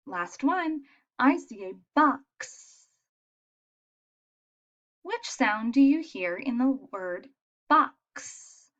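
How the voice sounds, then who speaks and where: A woman teaching young children letter sounds in a patient, encouraging way, modelling each sound clearly. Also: high-pitched, lo-fi sound. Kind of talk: phonics lesson for young children.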